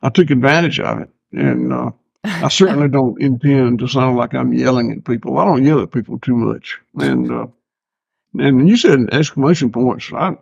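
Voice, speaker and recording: An older farmer, appearing as a guest, chats casually in an interview with laid-back, dry, self-mocking humor. His mid-range voice is creaky, husky, and darkish, at a moderate pace. The recording has no room sound and a slightly dull lo-fi quality.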